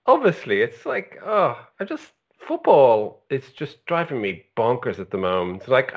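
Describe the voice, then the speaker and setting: Animated man ranting about football. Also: medium pitch. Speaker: podcast co-host. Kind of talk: casual football chat.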